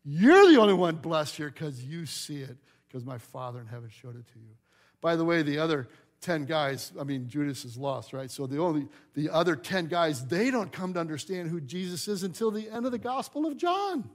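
High-voiced animated male pastor preaching. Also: moderate pace. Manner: animated storyteller, acts out quotes, asks the congregation questions. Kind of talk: sermon.

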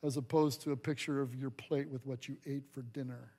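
A man's voice: mid-range voice, steady tone, brisk, warm tone. A man preaching a sermon as pastor, acting out the voices of the scripture scenes he reads. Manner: dramatic acting out of scripture dialogue.

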